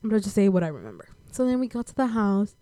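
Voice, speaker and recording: A woman's voice: mid-range voice, sing-song, fast talker, dark tone, no echo, studio quality. A young woman from the United States telling a personal story in a casual chat, slangy and laid-back, with lots of fillers.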